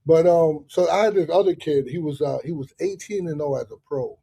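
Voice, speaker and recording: A man hosting a live boxing chat, telling lively, profane stories full of fillers and restarts. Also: a little high, fairly quick, vocal fry, breathy edge. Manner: animated, profane storytelling with many fillers. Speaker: live show host. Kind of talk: casual storytelling chat.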